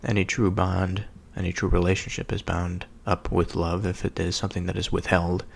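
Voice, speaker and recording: A man giving a slow, halting contemplative reflection on a scripture reading, pausing often and thinking aloud as he goes. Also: low voice, flat delivery, creaky. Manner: slow, halting, with many pauses and fillers. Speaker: solo speaker reflecting on scripture.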